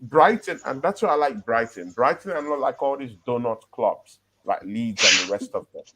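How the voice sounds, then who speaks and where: A man holding forth in a casual football chat, animated and talkative, checking in with his listeners as he builds each point. His voice sits at an ordinary mid pitch. He laughs easily between his points. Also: normal speed, very noisy. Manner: animated, laughing, walks through his argument with "yeah?" and "right?". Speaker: football podcast co-host.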